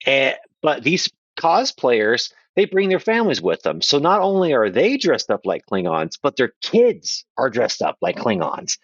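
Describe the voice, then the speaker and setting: A man guest on a podcast telling a playful anecdote in a casual, animated way. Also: mid-range voice, unhurried, hardly any pauses, slightly rough, no room sound, muffled recording. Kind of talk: casual storytelling.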